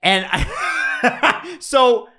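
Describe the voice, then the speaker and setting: A man in his thirties, co-hosting a casual podcast chat and telling animated stories with frequent laughs. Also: very high voice, extremely slow. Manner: animated storyteller, laughs often. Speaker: podcast co-host.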